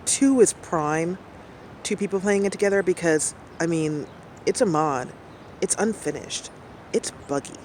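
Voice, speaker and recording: A woman's voice: lowish voice, unhurried, darkish tone. Middle-aged woman rambling outdoors, chatty, laughs a lot, faint traffic going by. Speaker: streamer. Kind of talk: casual chat.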